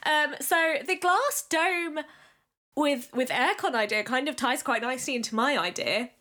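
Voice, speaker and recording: A woman co-hosting a casual chat podcast, playful and quick with quips, laughing often. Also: sits high, a bit bright. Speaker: podcast co-host.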